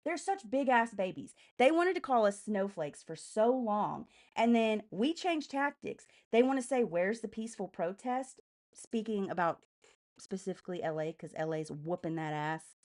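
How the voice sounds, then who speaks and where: A woman's voice: mid-range voice, expressive, a little mellow. A young woman live streaming, ranting about politics in a heated, enraged voice full of swearing. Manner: heavy swearing, fast and heated. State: enraged, agitated.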